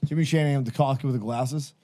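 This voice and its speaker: A man's voice: medium pitch, fairly even intonation, fast, mellow. A man co-hosting a casual podcast, telling rambling stories with a lot of swearing and laughter. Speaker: podcast co-host. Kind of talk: casual chat.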